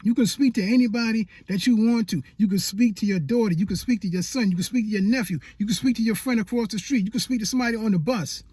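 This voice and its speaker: A man's voice: sits high, fast talker, few pauses, a little mellow, slightly rough, no room sound. A man giving a faith-based motivational talk as a YouTube coach, emphatic and repetitive like a preacher.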